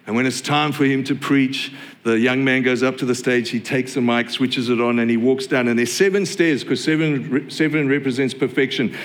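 A middle-aged man delivers a sermon in an easy, conversational way. His voice sits in a plain middle pitch, and he slips light humour and playful asides into the teaching. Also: fairly even intonation, normal speed. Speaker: pastor.

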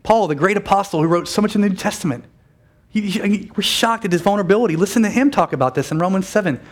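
Animated male pastor preaching a sermon. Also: high-pitched. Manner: animated, conversational, self-correcting with quick asides. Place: church.

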